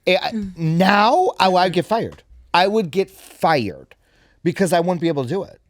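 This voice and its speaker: Lively, swearing man host, pitch swings a lot, dry close mic. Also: normal speed, no room sound. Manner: animated, profane, lots of fillers. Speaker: podcast host. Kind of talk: casual podcast chat.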